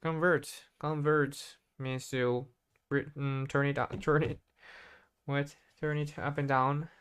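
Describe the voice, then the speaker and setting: A man practicing vocabulary on his own, thinking aloud in a hesitant, halting way and correcting himself as he goes. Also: fairly high pitch, little pitch movement, fairly bright tone, clean tone. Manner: hesitant, halting, constantly restarting and self-correcting. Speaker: English learner.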